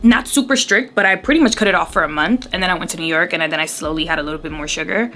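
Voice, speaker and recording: A woman's voice: fairly low pitch, racing, bright, forceful tone. Chatty emotional woman in her thirties. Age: 30s. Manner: chatty, rambling, easily emotional. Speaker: beauty vlogger. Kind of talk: casual chat to camera while doing makeup.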